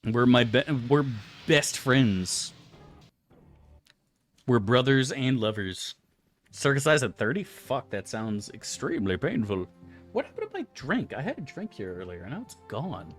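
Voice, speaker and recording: A man's voice: mid-range voice, expressive, measured pace, soft background music. Profane rambling male streamer. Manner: crude, profane, rambling asides to chat. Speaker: game streamer. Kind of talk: casual live-stream chat.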